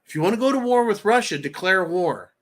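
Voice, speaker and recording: An American man hosting a live stream, ranting loudly with crude insults between reading out donations. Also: high voice, animated, fairly quick. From United States.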